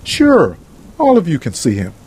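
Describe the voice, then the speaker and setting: A man voicing a calm male hospital doctor who speaks in a measured, formal way. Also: fairly high pitch, a little hiss or hum, poor audio. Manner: measured, formal bedside manner.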